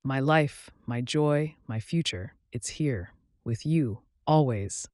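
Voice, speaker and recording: A man voicing a devoted young former football player, speaking low, earnest and tender in an audiobook. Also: slow, darkish tone, no echo, clean studio sound, natural voice.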